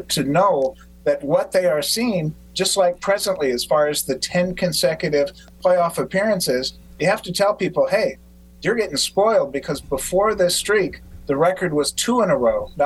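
A man hosting a podcast who tells stories in an animated way and acts out quotes. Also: fairly high pitch, moderate pace, a little hiss or hum, poor audio. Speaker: podcast host. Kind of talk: casual conversation.

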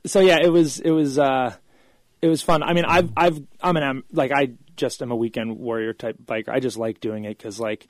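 A man in his thirties, a guest actor chatting casually in an interview, telling animated stories and laughing often. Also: medium pitch, normal speed, no echo. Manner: animated storyteller, laughs often, acts out quotes.

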